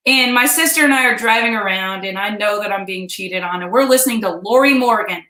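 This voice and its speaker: A woman's voice: mid-range voice, fairly quick, pushed and bright. A woman in her fifties from Kansas, chatting animatedly as she tells her viewers a personal story. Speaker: vlog host. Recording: roomy echo.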